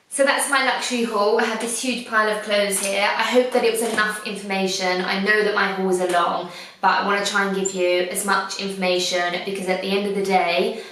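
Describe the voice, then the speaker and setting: A woman's voice: mid-range voice, fairly bright tone, recorded from a distance, slight background noise. A woman, chatting enthusiastically through a fashion haul review, rambling with little restarts. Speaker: fashion vlogger. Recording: very echoey room, away from mic.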